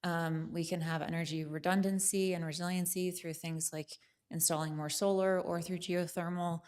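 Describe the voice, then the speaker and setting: Lower-voiced woman presenting a plan to council, lots of ums. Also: normal speed, clear, resonant tone. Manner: frequent ums, steady explaining. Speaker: staff presenter. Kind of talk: formal presentation.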